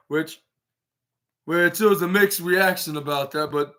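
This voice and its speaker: A man's voice: on the high side, unhurried, sharp tone. A man hosting his own podcast, recapping wrestling in a casual, rambling way and acting out quoted lines. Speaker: podcast host.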